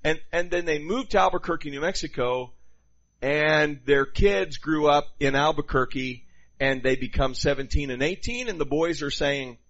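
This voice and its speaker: A man preaching a sermon in an animated, conversational way, with quoted asides to the congregation. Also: fairly high pitch, normal speed, dull audio.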